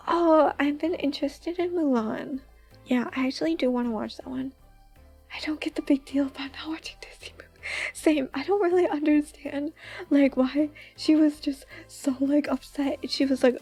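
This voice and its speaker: A young woman streamer in soft-spoken casual chat with viewers, giggly and rambling, with lots of "like". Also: sits high, normal speed, soft background music. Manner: giggly, rambling, says "like" often.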